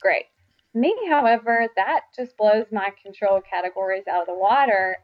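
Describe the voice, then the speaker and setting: Earnest woman, slightly muffled. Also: mid-range voice. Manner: earnest, reflective, quick to laugh. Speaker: guest. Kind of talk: faith podcast conversation. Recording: slightly dull lo-fi sound.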